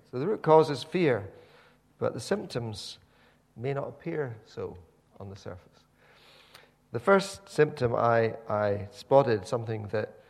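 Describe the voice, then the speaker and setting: A man's voice: mid-range voice, creaky. A man preaching a sermon, telling the story animatedly with many repeated words and restarts.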